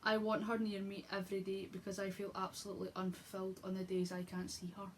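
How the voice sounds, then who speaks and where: A woman's voice: mid-range voice, monotone, fast, a little hiss or hum. A young woman chatting casually through a book review, gushing, with lots of fillers and restarts. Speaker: book vlogger.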